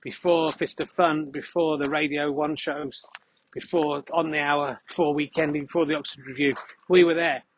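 A man's voice: fairly high pitch, flat delivery, normal speed, a little hiss or hum, close to an everyday voice, poor audio. A man putting on the voice of a furious longtime podcast fan who rants and swears. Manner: ranting, threatening.

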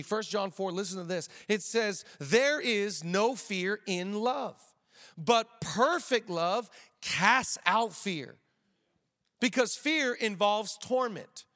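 A man in his thirties preaching a sermon as a pastor, energetic, slowing down to stress key lines and tossing in joking asides. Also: high voice, in a large hall. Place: church auditorium.

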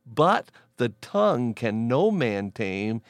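A middle-aged man, a pastor, reading King James scripture slowly and deliberately, then teaching on it in a podcast. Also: mid-range voice, sing-song, no room sound, clean studio sound.

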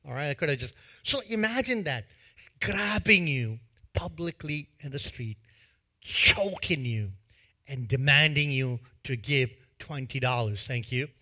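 A male pastor giving a sermon in a church, retelling a parable in an animated way and acting out its scenes with a volunteer. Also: mid-range voice, unhurried. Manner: animated storytelling that acts out scenes.

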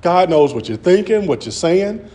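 A man's voice: high-pitched, big pitch swings, moderate pace, warm tone. Earnest man preaching a sermon. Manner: earnest, repetitive, stammering restarts.

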